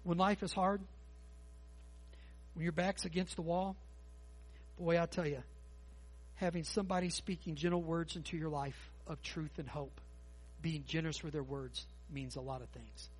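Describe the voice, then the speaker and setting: A man preaching a sermon, folksy and animated with quick asides to the congregation. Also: fairly high pitch, husky. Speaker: pastor. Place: church sanctuary.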